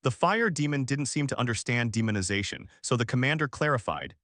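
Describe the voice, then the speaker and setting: A man's voice: mid-range voice, expressive, a little fast, hardly any pauses, a bit bright, no echo, clean studio sound. A man narrating a scripted story recap in a dramatic storytelling manner.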